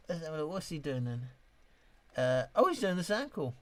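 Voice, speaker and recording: British bloke, late fifties, fairly high voice, rambling tipsy live-stream chatter, swears a lot. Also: male voice, sing-song, brisk, a bit bright, dry recording. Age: 50s. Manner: chatty, rambling, swears freely, reads chat aloud. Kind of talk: casual live-stream chat reading comments.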